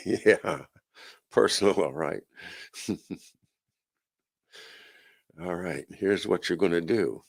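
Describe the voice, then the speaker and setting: A man's voice: sits low, drawn-out words, creaky, long pauses, breathy edge. A male host of a live chat show, reading news aloud and adding sardonic, chuckling asides with frequent "uh"s and restarts. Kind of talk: casual livestream commentary, reading news aloud.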